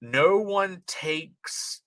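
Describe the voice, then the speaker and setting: A man's voice: sits high, lively intonation, extremely slow, fairly bright tone, dry recording. A man with a slightly posh British accent, chatting casually and rambling a bit as he talks about his animation work, swearing freely. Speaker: animator and video host. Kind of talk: casual commentary.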